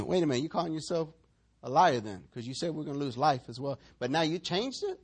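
A male pastor, preaching a sermon in an animated, joking way and acting out the people in the story. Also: on the high side, quick pace, husky. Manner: animated, joking, acts out quotes.

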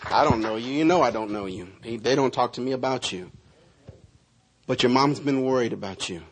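A man preaching a sermon, speaking prophetic words over a congregation member and telling lively stories. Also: medium pitch, brisk, noisy background. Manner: animated storytelling with prophetic declarations. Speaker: pastor.

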